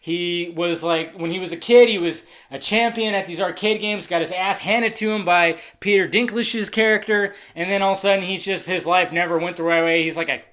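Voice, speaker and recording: Young movie reviewer ranting, swears a lot, goes from mumbling to yelling. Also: medium pitch, fairly quick, few pauses. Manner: profane and excitable, swinging from muttering to shouting. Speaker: film reviewer. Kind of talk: casual ranting film review.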